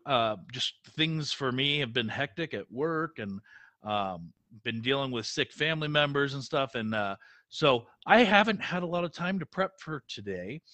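A man co-hosting a casual live podcast, stuffy and congested from a cold, talking haltingly with many fillers. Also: medium pitch, expressive, sharp tone, dry recording. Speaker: podcast co-host.

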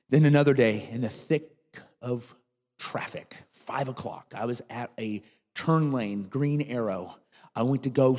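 Pastor preaching in a reverberant hall. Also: male voice, mid-range voice. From United States. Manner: storytelling, animated, laughs at own anecdotes. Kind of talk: sermon.

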